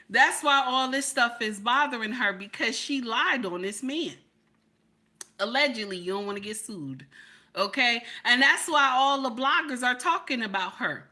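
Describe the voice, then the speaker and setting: A middle-aged woman hosting casual livestream commentary, loud and playful, answering her chat as she talks. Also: sits high.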